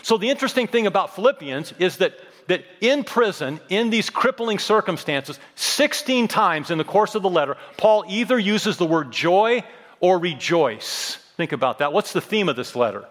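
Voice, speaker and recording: A pastor in his fifties preaches with a high-pitched voice that rings out in a reverberant sanctuary. He drives points home with repeated phrases and wry, joking asides. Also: lively intonation, moderate pace, fairly bright tone. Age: 50s. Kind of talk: sermon.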